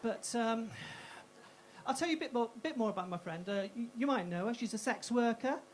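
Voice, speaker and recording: A woman performing a stand-up routine on a comedy club stage, with punchy, self-interrupting delivery and quick asides. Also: a little high, lively intonation, very noisy.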